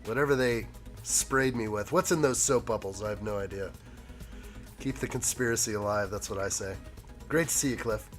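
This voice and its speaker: A hoarse man in his thirties hosts a live stream while building a toy set, chatting casually, joking, and reading viewer comments aloud. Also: on the low side, normal speed, a bit bright, soft background music.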